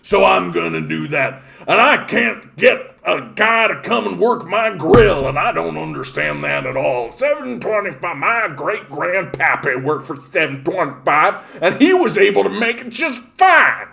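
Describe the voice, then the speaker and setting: A man's voice: sits high, big pitch swings, unhurried, vocal fry, hardly any pauses, bright, forceful tone, voice pushed up, full character voice. A man voicing a blustering, folksy male business owner who scoffs at vaccines, in a drawling, mocking caricature.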